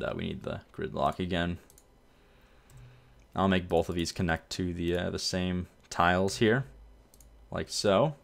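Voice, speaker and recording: A man casually commenting while playing a city-building game, rambling and correcting himself as he goes. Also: deep voice. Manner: relaxed, rambling, self-correcting. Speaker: gameplay video host. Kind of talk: casual let's-play commentary.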